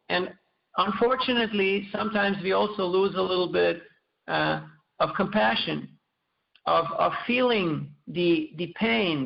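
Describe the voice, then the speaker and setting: A man speaks in a high, heavily gravelly voice, teaching scripture at a measured pace and telling stories from his own life. The recording is dull and lo-fi. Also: echoey room. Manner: storytelling, measured, with fillers and repeats. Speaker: speaker giving a scripture class. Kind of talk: sermon.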